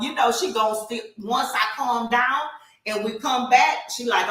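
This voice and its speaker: A woman chats on a podcast, her voice bright and forward. She tells stories with animated energy and frequent fillers. The room around her is echoey. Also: fairly high pitch, moderate pace. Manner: animated storytelling with many fillers. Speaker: podcast co-host. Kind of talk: casual podcast chat.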